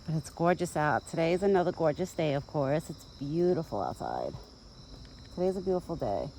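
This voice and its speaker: A woman's voice: sits low, very animated, fairly quick, dark tone, slight background noise, low-quality recording. Chatty young woman vlogging outdoors. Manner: chatty, rambling, talks fondly to the deer. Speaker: vlogger feeding a backyard deer. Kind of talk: casual chat to camera. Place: outdoors in a rural yard. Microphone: phone camera. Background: insects and countryside ambience.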